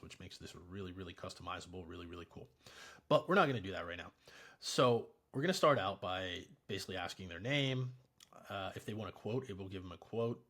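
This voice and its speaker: A man with a low, somewhat husky voice hosts a casual software tutorial. He talks in a relaxed, chatty way and explains each step with easy fillers. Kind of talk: casual screen-recorded tutorial.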